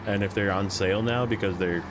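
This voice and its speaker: A man's voice: lowish voice, steady tone, a little fast, background noise. A man streaming a game, chatting casually with viewers in a rambling, joking way full of fillers. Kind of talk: casual gameplay chat with chat.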